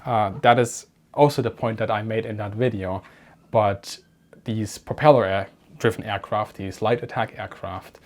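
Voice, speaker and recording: A dry-humored YouTube channel host, whose first language is German, reads and answers viewer comments. His voice is on the low side at normal speed, and his manner is wry and matter-of-fact, with quiet deadpan comebacks.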